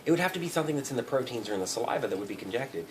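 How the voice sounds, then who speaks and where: A man's voice: mid-range voice, lively intonation, rapid-fire, a little hiss or hum. A man giving a profane, rambling comedic rant, often breaking into laughter. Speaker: vlogger.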